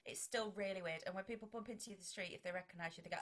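A woman's voice: mid-range voice, fairly even intonation, rapid-fire. A middle-aged woman, a vicar and broadcaster, chatting in an interview and acting out quoted exchanges. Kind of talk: conversational interview.

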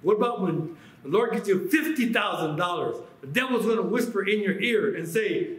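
American pastor guy preaching, kinda high voice, lots of echo. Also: moderate pace. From United States. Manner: animated preaching, quoting voices. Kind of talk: sermon.

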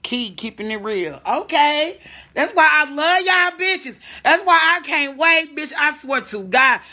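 Brash, lively woman streaming from home. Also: high voice, a little slow. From St. Louis, USA. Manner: brash, profane, reads viewer comments aloud. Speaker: livestreamer. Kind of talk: casual livestream chat with viewers. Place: at home, indoors.

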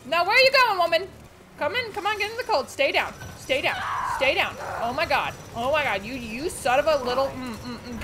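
A woman streaming a horror video game, giving jumpy, excitable commentary and shouting back at the game's characters when she gets scared. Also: high voice, normal speed, background noise. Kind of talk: let's play commentary.

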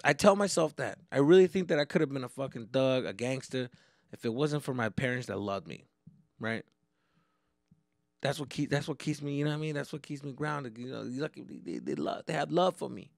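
A young man hosting a podcast, telling profane, animated comedic stories. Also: mid-range voice, fairly quick, gravelly, dry recording, studio quality. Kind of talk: comedic storytelling monologue.

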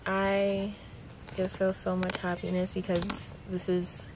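Young woman gushing slowly on a noisy vlog, goats bleating around. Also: medium pitch, monotone. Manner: heartfelt, gushing, many likes. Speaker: vlogger. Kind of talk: emotional casual vlog talk.

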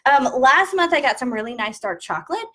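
A woman's voice: high-pitched, very animated, a little fast, sharp tone. A woman, a former flight attendant chatting casually through an unboxing review and sharing travel tips. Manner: chatty, jokey, explains tips.

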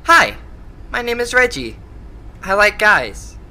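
Reggie, a TTS voice playing a lustful flirt. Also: male voice, high-pitched, big pitch swings, slow pace, pushed and bright, full character voice. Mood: sultry. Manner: breathy suggestive confession. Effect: text-to-speech voice.

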